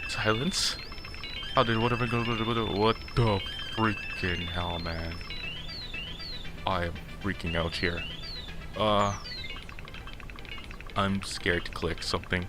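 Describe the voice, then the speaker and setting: A man narrates his own playthrough of a game, jittery and full of exclamations. His voice sits low. Game music plays clearly underneath. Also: steady tone, takes it slowly, pauses often. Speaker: gaming commentator. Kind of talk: let's play commentary.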